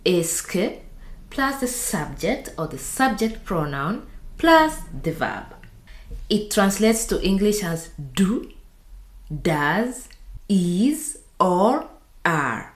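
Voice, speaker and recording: A woman teaching a beginners' language lesson, speaking slowly and repeating each phrase for practice. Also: mid-range voice, very animated. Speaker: French teacher. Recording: echoey room.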